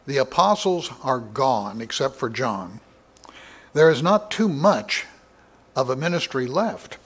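A man preaching a Bible study sermon, reading scripture aloud in a measured way with many fillers and rising for emphasis. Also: medium pitch, very animated, breathy edge. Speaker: pastor.

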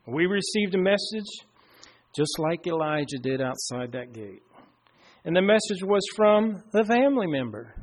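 Man, high voice, middle-aged, preaching, storytelling, slow hushed emphasis. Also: sing-song. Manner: storytelling, slows down and drops to a hush for emphasis. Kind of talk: sermon.

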